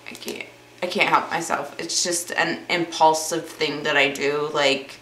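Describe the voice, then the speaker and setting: A woman's voice: sits low, fairly even intonation, unhurried, pushed and bright, echoey room, a little hiss or hum. A young woman answering viewer questions in a casual vlog, rambling and calling herself awkward. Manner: self-described awkward, rambling, laughs easily.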